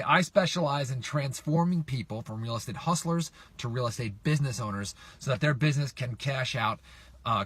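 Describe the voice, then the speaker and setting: Middle-aged male coach, punchy and repetitive, tense bright tone. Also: medium pitch, dry recording. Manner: emphatic, repetitive, asks viewers for responses. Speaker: real estate investing coach. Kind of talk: direct-to-camera coaching talk.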